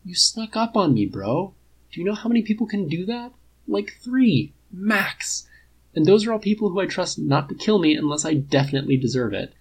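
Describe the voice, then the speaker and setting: A man voicing a cocky but apologetic archer whose pitch jumps up when he gets excited. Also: moderate pace, husky, heavily acted, rough recording. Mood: sheepish. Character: sheepish cocky male archer, apologetic and goofy.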